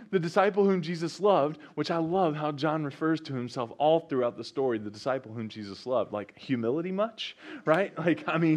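A male pastor preaching a sermon, reading scripture and repeating key phrases with rising enthusiasm. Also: high voice. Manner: preaching with rising excitement and repetition.

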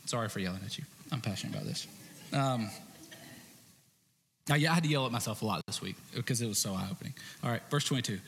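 Guy preaching on stage, chatty and jokey, bright voice, big hall echo. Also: medium pitch, very animated, fast. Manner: conversational preaching, jokey asides, bursts of shouting. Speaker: pastor. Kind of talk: sermon. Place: church stage.

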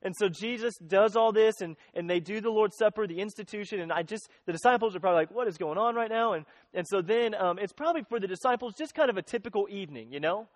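A man's voice: sits high, fast talker, few pauses, no echo. A man preaching a sermon in an earnest, conversational way, often restarting his sentences. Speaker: pastor.

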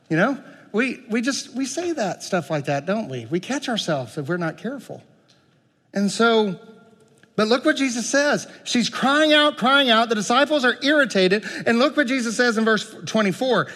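A male pastor preaching a sermon, swinging from loud, emphatic peaks to quiet, low asides and asking the congregation questions. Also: lively intonation, moderate pace, in a large hall. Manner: dynamic preaching, rising loud then dropping soft, asks the congregation questions. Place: church sanctuary.

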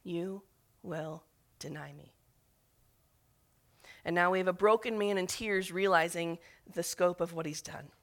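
A woman's voice: lowish voice, fairly even intonation, fairly quick, hardly any pauses. A woman preaching a sermon in an earnest, emotional way, retelling scripture and her own memories. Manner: earnest and emotional, with rising intensity on appeals.

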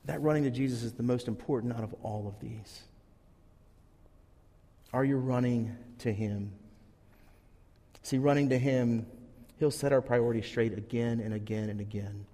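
A man's voice: mid-range voice, normal speed, pauses often, warm tone, in a large hall. A man preaching a sermon, telling a Bible story earnestly and acting out the characters' lines. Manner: earnest storytelling, acts out quotes. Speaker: pastor.

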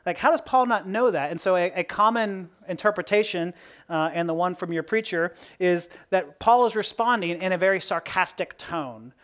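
A woman preacher giving a sermon in a conversational, animated way, asking rhetorical questions and laughing at her own jokes. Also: fairly low pitch.

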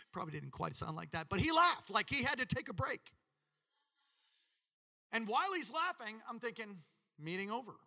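A man preaching a sermon with animated, dramatic delivery and sudden shouts. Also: high voice, moderate pace, vocal fry, pauses often, in a large hall. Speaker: pastor.

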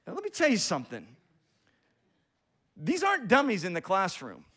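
High-voiced preacher. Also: male voice, huge pitch swings, moderate pace. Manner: storytelling with acted-out quotes and big swings in loudness. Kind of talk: sermon.

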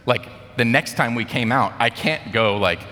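An American man gives a casual sermon in a large hall, telling a story chattily with lots of fillers. His mid-range voice is bright and forceful, delivered at normal speed.

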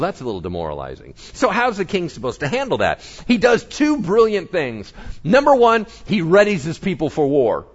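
A man preaching an energetic, conversational sermon with humor, talking straight to the congregation. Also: a little high, muffled recording. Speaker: pastor.

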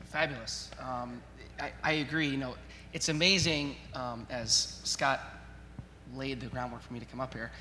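A man's voice: mid-range voice, fairly even intonation, moderate pace, bright, forceful tone, slight background noise. A man, a school principal, speaking as a guest at a church service, hesitant, with many fillers. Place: church sanctuary. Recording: roomy echo with long hall reverb.

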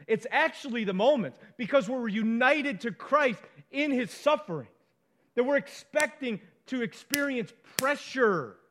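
A man preaching a sermon, emphatic and passionate, rising to loud peaks and dropping to quiet asides. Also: high voice. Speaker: pastor.

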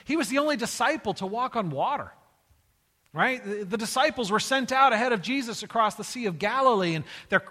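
Pastor preaching a sermon, man with a high, bright voice, slangy and animated, big reverberant hall. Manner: animated, casual storytelling with slangy retellings.

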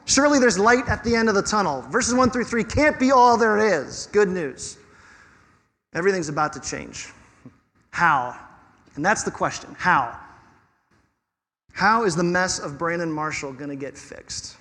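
A man preaching a sermon as pastor, conversational and animated, asking his listeners rhetorical questions. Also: high voice, measured pace, long pauses. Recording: long reverb of a hall.

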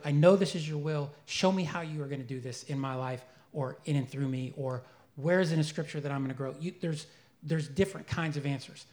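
A man's voice: a little high, a little mellow. A man answering faith questions at a live church Q&A in an earnest, reflective way. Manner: earnest, reflective, grows emotional.

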